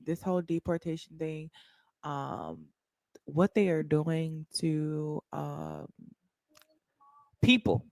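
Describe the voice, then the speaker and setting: Lively woman hosting a casual chat. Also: lowish voice, dry recording, studio quality. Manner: animated, swearing, emphatic. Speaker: host.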